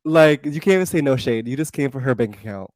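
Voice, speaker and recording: A man's voice: medium pitch, expressive, fast talker, a little mellow, dry recording. Male podcast co-host, emphatic and shady, dry close sound. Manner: emphatic, profane, playfully shady. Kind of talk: casual chat.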